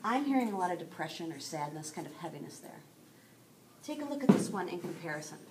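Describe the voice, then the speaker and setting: A woman's voice: lowish voice, sing-song, fast talker, heavy background noise. A woman teacher giving a recorded lesson, explaining step by step and speaking straight to her students.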